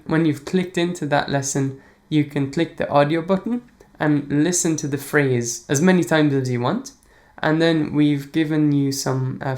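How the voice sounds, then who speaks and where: An Irish man hosting a language podcast. He answers listener questions in a casual, relaxed way, chuckling often and pausing on fillers. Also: fairly high pitch. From Ireland. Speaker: podcast host.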